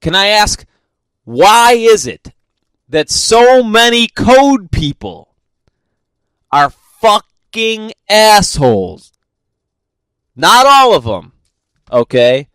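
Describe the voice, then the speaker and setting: High, animated man ranting with profanity. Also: drawn-out words, pauses often, smooth, no echo. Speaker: podcast host. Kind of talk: casual comedic rant.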